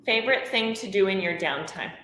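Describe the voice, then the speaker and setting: A woman hosting a show, asking brisk rapid-fire questions and then closing it out. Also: medium pitch, lively intonation, a bit bright, roomy sound, slight background noise, poor audio. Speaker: podcast host. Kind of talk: interview.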